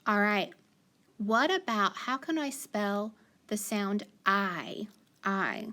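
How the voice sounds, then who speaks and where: A woman's voice: medium pitch, expressive, pushed and bright. A woman teacher giving a phonics lesson to young learners, sounding out letters and praising often. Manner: patient, sounds out letters slowly, frequent praise.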